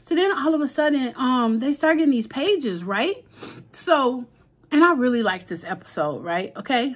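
Woman, a bit high-pitched, chatty TV recapper, animated and slangy. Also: slightly rough. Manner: chatty, animated retelling with voiced-out quotes and slang. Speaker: TV episode reviewer. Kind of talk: casual recap of a TV episode.

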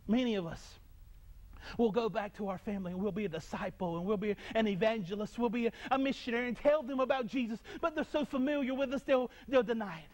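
A man's voice: high voice, fast, a little mellow. A man preaching a sermon to his congregation, fervent and repetitive, restarting his phrases as he builds his point.

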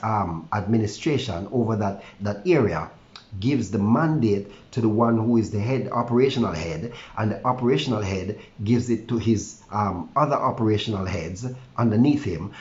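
A man's voice: on the low side, darkish tone, dull audio. A male pastor preaching a morning devotion with fervor, with a slightly stuffy nose and frequent hallelujahs. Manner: fervent preaching with repeated hallelujahs. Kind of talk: online morning devotion sermon.

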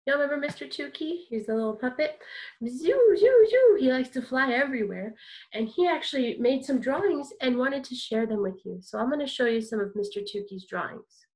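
A woman with a high, brisk voice teaches a kindergarten music class online. She speaks cheerfully and encouragingly to the small children, keeping her words simple.

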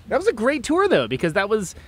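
Man, podcast host, casual chat, lots of "like", lively pitch. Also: background noise. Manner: loose, filler-heavy, lots of "like".

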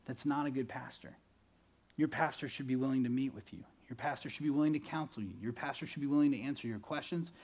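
A man preaching a sermon as pastor, animated, swinging between loud bursts and quiet, earnest stretches. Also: medium pitch, fast talker.

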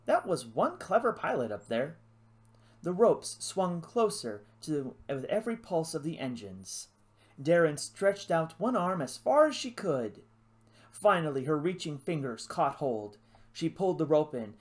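Storybook narrator, expressive and animated in pitch, reading adventure prose. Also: a little slow. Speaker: audiobook narrator. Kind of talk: scripted narration.

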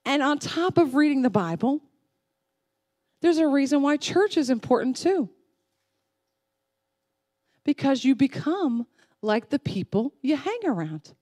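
A woman pastor preaching a sermon, emphatic and repetitive, swinging from loud declarations to soft, slow lines. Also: sits high, sing-song. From Texas family, Southern upbringing.

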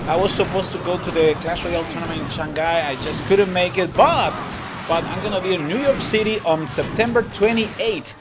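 A young man with a Chilean Spanish accent, a tired but excitable gaming streamer who laughs often and repeats himself while commenting on matches. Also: high-pitched, noisy background. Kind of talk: live-stream game commentary. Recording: clear background music. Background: music.

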